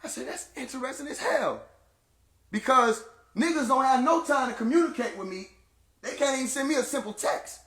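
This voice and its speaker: High-pitched aave guy ranting to his viewers, heated, lots of emphasis, roomy echo. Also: fairly quick. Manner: animated, heated and emphatic, with vernacular slang. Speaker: speaker addressing viewers. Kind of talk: casual storytelling rant.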